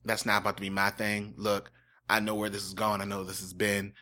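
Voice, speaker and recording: A man's voice: lowish voice, monotone, fairly quick, bright, forceful tone, pitched below the performer's own voice. A man doing a cocky seventies young guy. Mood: reluctant. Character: cocky 1970s young man, fake cool.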